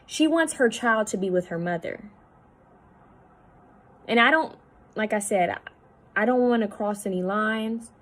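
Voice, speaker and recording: A woman psychic medium talking at home, relaying messages in a halting, repetitive way that often drops to a hushed voice. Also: medium pitch, rough recording. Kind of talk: spirit-channeling video monologue.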